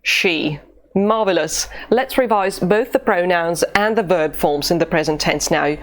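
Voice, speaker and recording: A woman teaching an online language lesson, pronouncing drill phrases slowly and deliberately. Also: lowish voice. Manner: slow, deliberate drill pronunciation.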